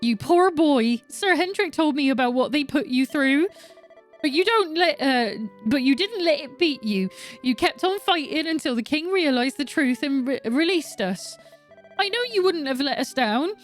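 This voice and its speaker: A woman's voice: sits high, animated, normal speed, faint music behind. A woman doing a doting Cornish village mum. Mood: proud, tender. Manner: doting, fussing. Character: warm, proud village mother.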